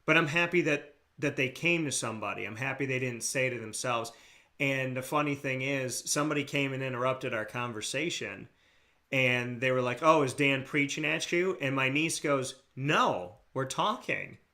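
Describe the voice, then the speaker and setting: An American radio show host with a medium-pitched voice speaks at a moderate pace in a bright, forceful tone. He delivers a heartfelt talk show monologue with earnest passion, repeating his key phrases for emphasis.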